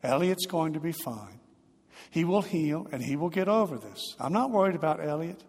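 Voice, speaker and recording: A man voicing a comforting mother within a sermon, speaking softly but firmly. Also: on the high side, animated, moderate pace, long reverb tail. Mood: gentle firm. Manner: soft but firm.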